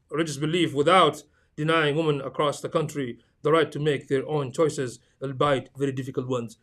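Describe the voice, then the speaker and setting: Guy with a slightly high voice, jokey, reads news out loud and throws in arabic bits. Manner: joking, mixes in Arabic phrases. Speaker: podcast co-host. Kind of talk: casual chat reading news aloud.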